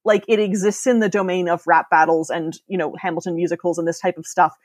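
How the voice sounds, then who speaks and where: A woman's voice: on the low side, fairly even intonation, quick pace, no echo. A woman in her thirties, a podcast guest, explaining ideas eagerly in casual chat and laughing often.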